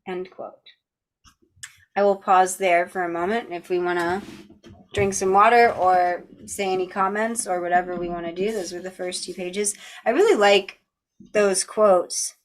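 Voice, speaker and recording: Hosting a book club, this woman reads from a philosophy text at an even, normal speed in a fairly low voice. Now and then she breaks away for relaxed, conversational side comments.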